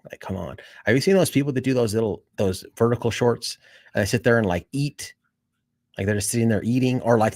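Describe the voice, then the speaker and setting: A man's voice: mid-range voice, a little mellow. A man chatting casually on a live stream, rambling to his viewers, swearing and saying "dude" a lot. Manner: talks straight to his viewers.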